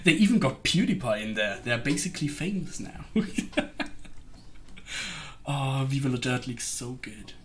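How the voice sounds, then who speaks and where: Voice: medium pitch, animated, moderate pace, fairly bright tone, a little hiss or hum. A livestreamer chatting casually and rambling, with frequent giggles between sentences. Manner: rambling, gushing about a web series. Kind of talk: casual stream chat.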